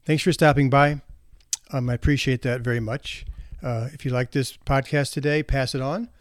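An earnest male podcast host tells stories in a measured, reflective monologue. He reads aloud with deliberate pauses. The sound is dry and close-miked. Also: mid-range voice, steady tone, no room sound.

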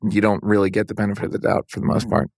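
A man's voice: lowish voice, flat delivery, racing, gravelly, darkish tone, no echo, clean studio sound. A middle-aged man talking loosely in a casual podcast conversation, rambling and full of "like". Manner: loose and rambling, heavy use of "like". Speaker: guest.

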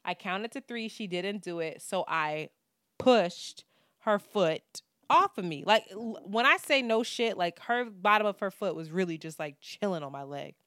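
A woman's voice: mid-range voice, animated, unhurried, a bit bright, no echo, clean studio sound. A woman, co-hosting a podcast and telling a story in casual, profane talk, acting out what people said. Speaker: podcast co-host.

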